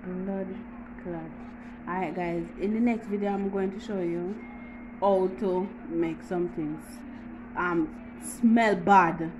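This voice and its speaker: A woman's voice: lowish voice, steady tone, slow, noisy background. A woman with a Jamaican accent hosting a casual home how-to vlog, chatty and teasing, with frequent laughs. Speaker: YouTuber.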